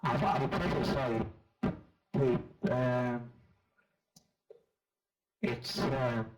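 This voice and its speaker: A man's voice: medium pitch, very slow, echoey room, soft background music, rough recording. A man guesting on a chat radio show over an online call, answering hesitantly with many fillers. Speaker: guest campaigner.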